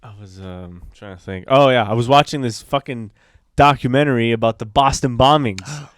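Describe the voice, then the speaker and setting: A man from Canada co-hosting a comedy podcast, telling stories in an animated way and laughing easily. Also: medium pitch, moderate pace, smooth, no echo, clean studio sound. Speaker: podcast co-host. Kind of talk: casual comedy podcast chat.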